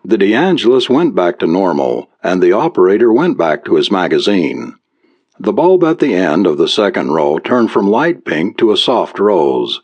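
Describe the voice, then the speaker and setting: Deep-voiced man narrating an audiobook. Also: lo-fi sound. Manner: measured, expressive reading.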